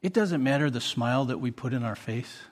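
A man's voice: medium pitch, animated, brisk. A man preaching a sermon as a pastor, earnest and full of rhetorical questions to the congregation.

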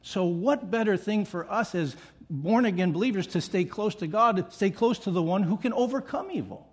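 A man's voice: sits high, expressive, normal speed, slightly rough. A middle-aged male pastor preaching a sermon with emphatic repetition and playful asides.

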